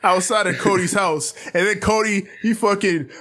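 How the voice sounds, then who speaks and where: A man's voice: sits high, normal speed, a crowd in the background. A man co-hosting a casual wrestling recap show, joking loosely and laughing often between lines. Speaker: podcast co-host.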